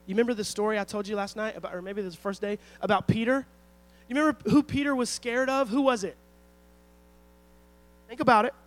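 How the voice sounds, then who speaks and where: A man's voice: high-pitched, low-quality recording. A man preaching a sermon, emphatic and storytelling, who often asks the congregation rhetorical questions. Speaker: pastor.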